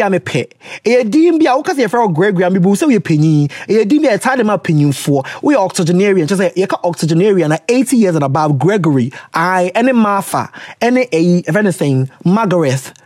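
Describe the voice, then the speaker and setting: An animated Ghanaian podcast host whose pitch swings widely as they talk through listeners' love problems. They mix English with Twi phrases in a casual chat, recorded dry and close with no room sound. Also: quick pace, no echo.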